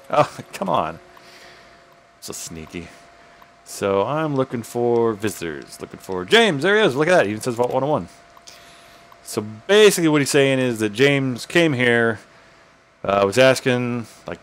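Man, let's play commentary, casual, joking, thinking aloud, mid pitch. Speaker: game commentator.

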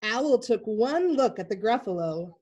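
A woman's voice: a little high, lively intonation, measured pace, mellow, muffled recording. A woman narrating a picture book aloud to a class over a video call. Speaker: teacher.

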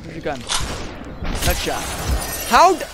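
Excitable high-voiced male gamer. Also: slow, heavy background noise. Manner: excitable, swings from mumbling to loud outbursts; crude, joking. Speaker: gaming video host. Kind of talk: casual let's-play commentary.

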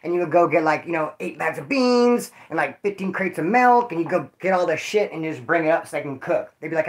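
A man's voice: fairly high pitch, a little fast, hardly any pauses. Rambling, profane man telling stories. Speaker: vlogger telling prison stories. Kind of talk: casual storytelling to viewers.

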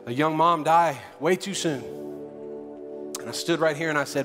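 A pastor preaching a sermon in a church, fervent and building to near shouting, with soft music under him. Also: male voice, a little high, moderate pace, long reverb tail. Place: church sanctuary.

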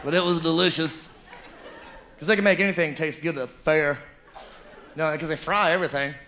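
A man does stand-up comedy, his voice sitting high for a man. He tells stories with animated energy and breaks into shouts at punchlines. An audience laughs throughout in a noisy live room. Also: brisk, some chatter behind. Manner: animated storytelling, bursts of shouting.

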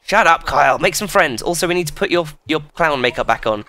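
A man giving excitable, sweary commentary while playing a video game. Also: a little fast. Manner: excitable, swears a lot, jumps in pitch. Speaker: gaming YouTuber. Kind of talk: casual let's play commentary.

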